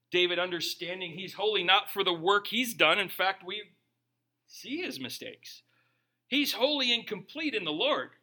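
A man's voice: sits high, bright, forceful tone. A man, a pastor and parent, preaching a sermon in a loose, joking way that acts out little quotes. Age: young adult or middle-aged, a parent. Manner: conversational, jokey preaching with acted-out quotes.

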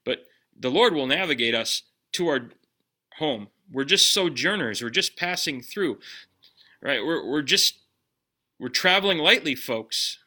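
A man preaching a sermon in a conversational way, putting direct questions to his listeners and dropping his voice low on key lines. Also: lively intonation, a little slow, bright, forceful tone. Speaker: pastor.

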